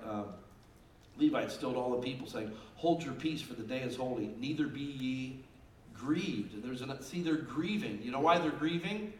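A man in his fifties preaching a sermon as pastor, swinging between loud emphasis and quiet asides. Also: mid-range voice, a little hiss or hum. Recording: roomy and distant with faint ambience.

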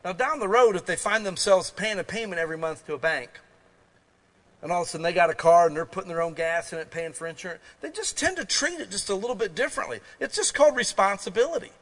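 Folksy preacher, bright voice. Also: male voice, high-pitched, quick pace. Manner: folksy, swings from quiet asides to loud preaching. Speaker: pastor. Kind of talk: sermon.

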